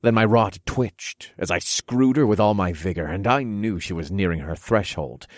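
A man narrating an adult story in the first person, in a low, steady and commanding way. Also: normal speed, no echo, studio quality.

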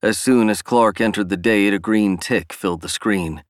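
A man narrating a novel in a steady, even storytelling read. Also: fairly low pitch, normal speed, no room sound, studio quality. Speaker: audiobook narrator. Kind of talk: scripted narration.

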